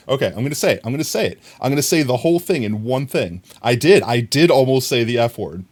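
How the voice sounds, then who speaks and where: A young man streaming live, chatting casually and thinking aloud as he builds in a game, playful and quick to laugh at himself. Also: medium pitch, animated, a little mellow.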